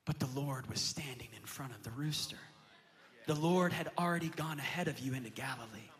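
A pastor in his thirties preaching a sermon to a congregation, building to loud impassioned peaks and acting out his children's voices in a story. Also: mid-range voice, brisk. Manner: acts out quoted voices of his kids in storytelling. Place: church sanctuary with a congregation. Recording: long hall reverb from a church sanctuary.

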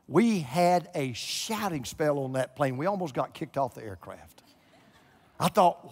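A pastor preaching a televised sermon, swinging between hushed and loud emphatic lines. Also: male voice, a little high, sing-song, measured pace, long reverb tail. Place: large church room.

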